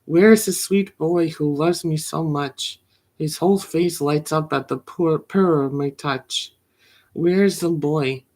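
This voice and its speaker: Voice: mid-range voice, measured pace, darkish tone, lightly acted. A poetry reader voicing a lonely house cat that waits anxiously for its boy, in a plaintive, questioning reading. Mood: worried.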